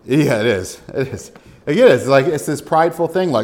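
A man working through a scripture passage as a teacher, reading verses aloud and acting out the quoted voices with rising emphasis. His voice sits at an ordinary middle pitch. Between readings he talks plainly, with frequent "right?" and "you know" asides. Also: a little fast. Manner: reads scripture aloud with lively, animated quoting of voices. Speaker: pastor. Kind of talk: expository Bible teaching.

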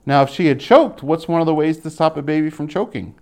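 Young guy preaching, animated, does little voices for people he quotes, slows way down to make a point. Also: a little high. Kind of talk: sermon.

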